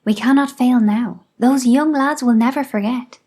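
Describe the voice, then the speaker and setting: A woman reading aloud, voicing a dying middle-aged father who speaks gently and steadily. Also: on the high side, normal speed, lightly acted. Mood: tender.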